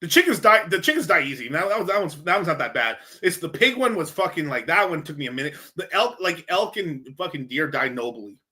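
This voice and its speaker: A young man from Mexico with a bright, forceful voice streams live over a desk mic. He answers chat questions in a casual, rambling way. He swears freely and restarts his sentences often. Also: fairly high pitch, very animated, a little fast, hardly any pauses. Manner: profane, loose, lots of fillers and restarts. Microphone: streaming microphone.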